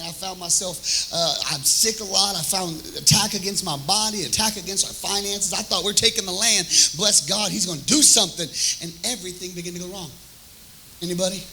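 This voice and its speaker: High, bright-voiced energetic pastor. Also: male voice, slight background noise, low-quality recording. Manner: energetic, exclamatory, call-and-response. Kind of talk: sermon. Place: church hall before a live congregation.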